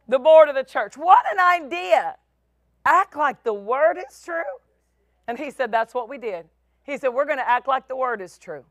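A middle-aged woman pastor preaching a sermon, with emphatic, drawn-out phrases and voices for the people in her stories. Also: high voice, expressive, no echo, clean studio sound.

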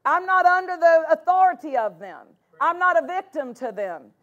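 High-voiced woman pastor preaching emphatically. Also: sing-song, moderate pace, a bit bright, highs cut off. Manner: emphatic preaching, repeats key phrases. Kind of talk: sermon.

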